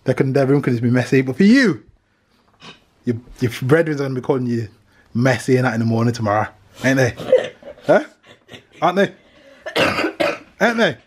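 A man's voice: medium pitch, lively intonation, moderate pace, pauses often, slightly rough. A British man vlogging with his family, teasing and joking on a handheld camera. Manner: teasing, jokey, bantering. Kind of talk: casual family vlog.

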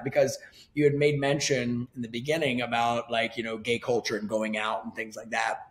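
A man in his forties talking openly as an interview guest, emphatic and quick to swear. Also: mid-range voice. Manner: candid and emphatic, swears freely. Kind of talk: casual conversation.

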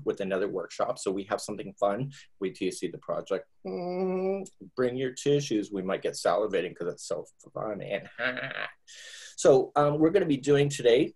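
A middle-aged Canadian man with a low, husky voice hosts a crochet class from home. He chats and jokes, rambles, and now and then jumps into squeaky put-on voices. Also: darkish tone. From Nova Scotia, Canada. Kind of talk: chatty live online class.

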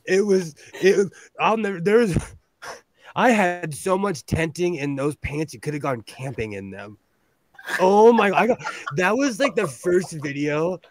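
A man's voice: high voice, expressive, a little slow. A man in his thirties chatting casually as co-host, rambling, joking at his own expense and laughing often. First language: English. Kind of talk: casual chat.

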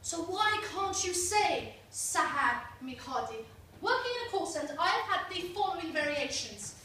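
A woman's voice: extremely high pitch, big pitch swings, normal speed, bright, forceful tone, far from the mic, slight background noise. A woman from England performing a stand-up comedy set, chatty and wry, teasing the crowd on a comedy club stage. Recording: echoey room, voice from afar.

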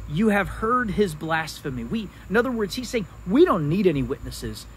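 Slow, halting man teaching a devotional. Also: on the high side, a bit bright, a little hiss or hum, rough recording. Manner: slow, halting, many restarts and fillers. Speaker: pastor.

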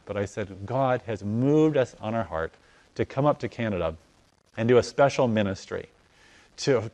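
A man telling a story in conversation, acting out the dialogue as his voice swings from loud to hushed. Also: lowish voice. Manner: animated, acts out dialogue with voice rising and falling. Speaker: guest telling a testimony.

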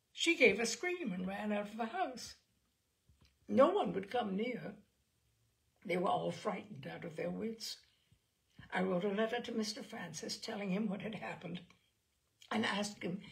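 A woman reading the part of a composed young widow who calmly tells of a killing. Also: mid-range voice, a little slow, vocal fry, pauses often, voice pushed up. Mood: coolly recounting. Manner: matter-of-fact, unrepentant telling.

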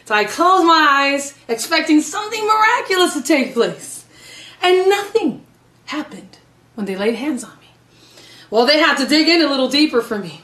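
A middle-aged woman evangelist with a high voice tells her testimony in a sermon, her delivery swinging between loud, dramatic stretches and soft, hushed ones. The sound carries a roomy echo. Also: big pitch swings, normal speed, far from the mic. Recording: echoey room.

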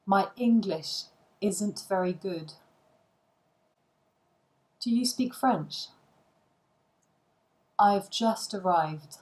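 A woman reads short phrases aloud for learners, one after another, with pauses between them. She speaks slowly and carefully, at a middle pitch. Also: darkish tone. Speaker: language learning reader. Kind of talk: slow phrase-list reading for learners.

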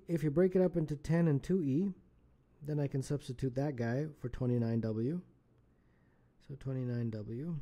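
Mellow-voiced man tutoring math. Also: mid-range voice. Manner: casual, self-correcting, chuckles at slips. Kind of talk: solving contest problems aloud.

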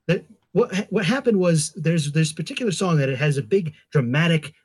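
A voice actor chatting on a voice call, telling a story with halting restarts. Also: male voice, fairly high pitch, animated, a little mellow, slightly rough. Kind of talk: casual chat.

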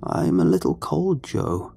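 A man voicing a creepy, gaunt male sun being with a croaking voice, slow and drawn out in a horror story reading. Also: lowish voice, big pitch swings, warm tone, soft background music, heavily acted. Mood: creepy coaxing.

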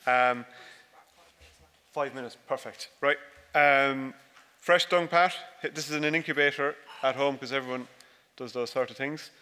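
Bright-voiced man talking in a hall. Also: mid-range voice, unhurried, pauses often, clean tone. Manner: relaxed and joking, many fillers and restarts. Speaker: conference speaker, dairy farmer. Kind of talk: conference talk with slides. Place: large conference hall. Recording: reverberant hall.

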